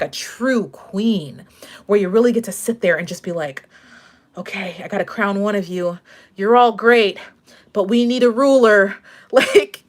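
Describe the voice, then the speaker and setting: A woman's voice: medium pitch, fairly bright tone. A young woman chatting casually on a livestream as a pageant commentator, bubbly and gushing.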